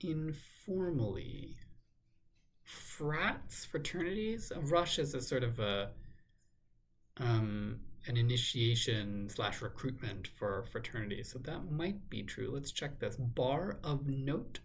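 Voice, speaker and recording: A man thinking aloud in a measured, musing way as he works through a crossword, now and then correcting himself. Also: mid-range voice, animated. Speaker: crossword solver. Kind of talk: thinking aloud while solving a puzzle.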